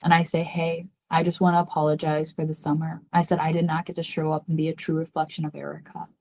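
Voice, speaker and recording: Earnest woman sharing a personal story. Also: fast talker. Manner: earnest and confiding, talks about herself by name; animated, jumps high when acting out quoted voices. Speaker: podcast guest, psychic medium.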